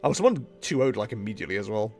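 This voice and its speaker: Male streamer at home, rambling and self-mocking, with a lively, bouncing voice and faint music behind. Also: lowish voice, racing. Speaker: streamer playing a card game. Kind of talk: casual live-stream commentary.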